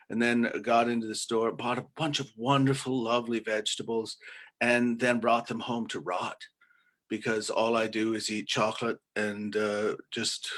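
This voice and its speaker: A man from Canada performing a deadpan, absurd comedy monologue over a video call, halting and full of uhs. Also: mid-range voice, creaky. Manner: dry, halting delivery with many uhs. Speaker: comedian guest.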